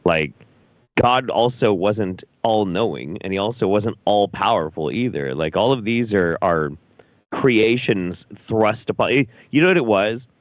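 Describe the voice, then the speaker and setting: A man with a low voice hosts a casual talk show, reacting to clips in a blunt, swearing, incredulous way. His pitch swings widely as he talks, and the sound is dull and dry. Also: expressive, measured pace, no echo. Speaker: host.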